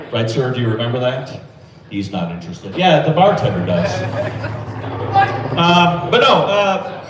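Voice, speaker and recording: Guy doing deadpan standup, kinda high voice, echoey club, crowd laughing. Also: far from the mic. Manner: deadpan, self-deprecating delivery. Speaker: stand-up comedian. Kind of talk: open-mic stand-up set. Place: small comedy club or bar.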